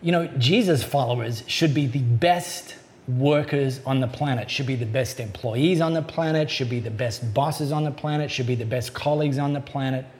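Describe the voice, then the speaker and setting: A man preaching a sermon as a pastor, in a conversational way, slowing down to stress key points. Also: medium pitch, darkish tone.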